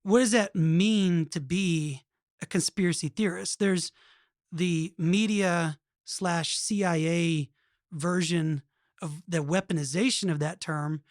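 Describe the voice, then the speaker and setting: A man's voice: on the high side, fairly even intonation, slow, dry recording, studio quality. A man hosting a podcast in casual chat, earnest and rambling, often restarting his sentences. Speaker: podcast host.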